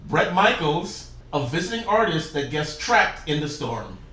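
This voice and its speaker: Animated, bright-voiced man in an echoey room. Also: on the high side, measured pace, recorded from a distance. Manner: reads out cast list with dry jokes. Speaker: co-host. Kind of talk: casual chat.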